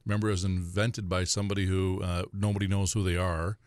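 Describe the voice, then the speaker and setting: A man's voice: sits low, little pitch movement, quick pace, no room sound. A man answering callers' money questions on a call-in radio show in a folksy, rambling way, with frequent fillers. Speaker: financial advisor radio guest. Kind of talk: casual call-in radio chat.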